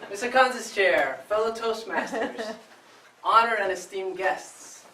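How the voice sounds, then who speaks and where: Guy from venezuela doing a contest speech, bright sharp voice, roomy echo, mic kinda far off. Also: sits high. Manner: expressive storytelling with dramatic pauses. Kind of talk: prepared public speech. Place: club meeting room before a live audience. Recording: echoey room, distant mic, faint noise.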